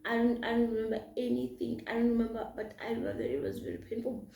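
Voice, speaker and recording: A young woman telling a personal story in a casual storytime vlog, chatty and animated, mixing in Setswana phrases. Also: on the high side, fast, vocal fry. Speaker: vlogger. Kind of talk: storytime vlog while eating. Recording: echoey room.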